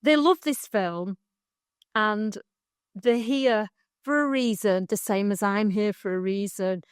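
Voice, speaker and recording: A woman's voice: medium pitch, takes it slowly, smooth, no echo, clean studio sound. A middle-aged woman, co-hosting a podcast and telling a long, heartfelt story in casual chat, rambling and laughing along the way. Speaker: podcast co-host.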